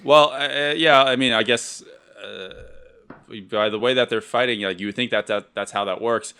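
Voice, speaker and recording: A man's voice: medium pitch, moderate pace, sharp tone, clean tone. A man co-hosting a podcast, rambling and sarcastic in a casual film discussion, laughing often. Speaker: podcast co-host. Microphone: podcast mic.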